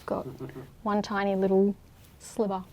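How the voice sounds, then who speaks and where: A woman's voice: mid-range voice, completely flat delivery, unhurried, mellow. A woman, a chef talking through a recipe and giving direct tasting critiques in an upbeat way. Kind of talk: casual cooking demo.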